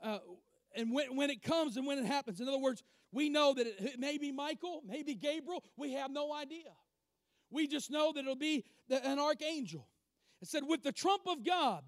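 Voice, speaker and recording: A man preaching a sermon, emphatic, swinging from loud declarations to quiet asides. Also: extremely high pitch, moderate pace, no room sound, clean studio sound.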